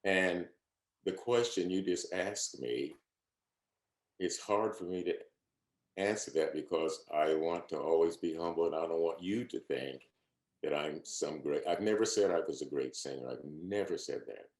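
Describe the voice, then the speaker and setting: Very deep older man reminiscing. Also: measured pace, reverberant. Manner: reminiscing, earnest, humble, repeats quoted speech. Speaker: interviewee, opera singer. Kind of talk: oral history interview. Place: at home, on a video call.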